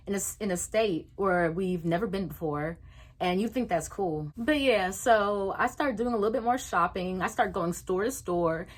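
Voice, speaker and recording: A young woman vlogger telling a casual story, animated, swearing freely and acting out what people said. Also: medium pitch.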